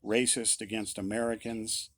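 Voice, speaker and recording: A man's voice: on the low side, flat delivery, moderate pace, a bit bright, no room sound. A middle-aged man, a musician, giving a blunt, insistent opinion monologue and repeating his points.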